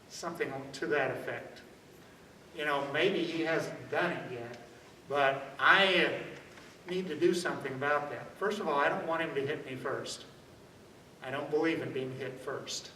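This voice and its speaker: A man's voice: a little high, a bit bright, slight background noise. A man teaching a self-defense workshop in a conversational, demonstrative way, often checking in with "okay?". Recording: echoey room from far off.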